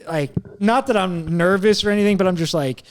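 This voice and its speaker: A man's voice: sits high, a little fast. Swearing young man telling a story. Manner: rambling, swears a lot, quotes himself, laughs at himself. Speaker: podcast host. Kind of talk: casual chat, storytelling.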